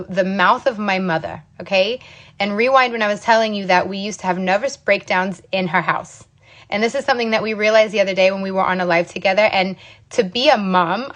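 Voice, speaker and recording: A woman in her thirties speaks straight to her viewers in a casual, motivational vlog. She talks emphatically and keeps checking in with her audience. Her voice sits at an ordinary middle pitch for a woman. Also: a bit bright. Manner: emphatic, repeats "okay?" and "you guys". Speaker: business owner sharing her story. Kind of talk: casual motivational talk to camera.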